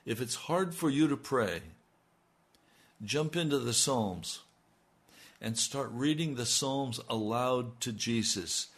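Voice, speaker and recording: A middle-aged man preaches on a radio broadcast as a pastor and then prays with earnest, pleading urgency. He talks slowly and lets his words land, in a voice of ordinary pitch for a man. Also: lively intonation, fairly bright tone. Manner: earnest, pleading prayer that rises in intensity. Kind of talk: radio sermon and prayer.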